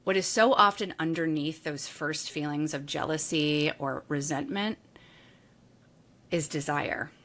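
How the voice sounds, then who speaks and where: A woman's voice: low-pitched, a little slow. A woman author being interviewed on a podcast, telling candid stories and acting out her own thoughts, swearing now and then. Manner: candid, animated storytelling with acted-out inner quotes and swearing. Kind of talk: conversational interview.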